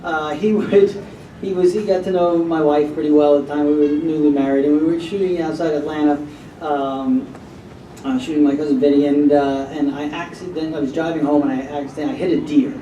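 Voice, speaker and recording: A man with a high, mellow voice tells a rambling anecdote at a convention panel and slips into the voices of the people in it. The sound is roomy and distant, as if from a mic across a hall, with a faint hum behind him. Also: steady tone, fairly quick, dull audio. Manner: rambling storyteller who acts out quotes. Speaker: panel guest.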